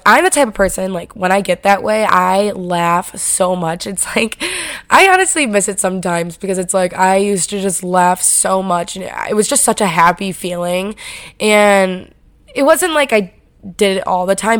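A woman's voice: medium pitch, a bit bright, dry recording. A young woman casually telling college stories, chatty, full of "like" fillers and swearing. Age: young adult. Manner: chatty, heavy "like" fillers, frequent swearing and laughing. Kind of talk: casual storytelling monologue.

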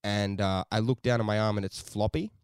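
A man co-hosting a podcast, telling a story in animated, casual chat, swearing often and laughing a lot. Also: on the low side, a little fast, smooth, no room sound, studio quality. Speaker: podcast co-host.

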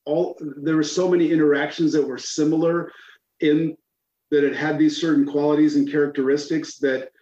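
A man's voice: fairly high pitch, level tone, moderate pace, dark tone, dull audio. Rambling man with an echoey sound. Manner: rambling, laughing at his own stories. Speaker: podcast guest. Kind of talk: casual storytelling.

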